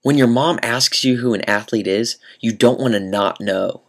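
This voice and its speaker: A young man telling a comic story to camera, deadpan and mock-earnest, with dramatic pauses. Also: mid-range voice. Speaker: vlogger.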